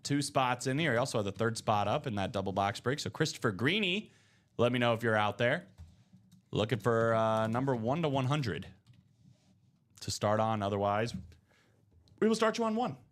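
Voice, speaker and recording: A man's voice: medium pitch, lively intonation, normal speed, long pauses. A man hosting a live card break stream, chatting casually and joking in rambling banter.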